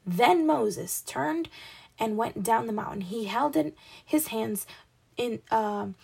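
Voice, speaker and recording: This Bible reader speaks slowly but animatedly, her slightly high voice creaky, husky, and darkish. She fumbles words as she reads the passage casually, apologizing and laughing whenever she slips.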